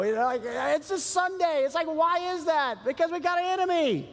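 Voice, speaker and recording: A man preaching a sermon as pastor, animated and chuckling as he acts out the voices of his congregation. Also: extremely high pitch, normal speed, few pauses. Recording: long hall reverb.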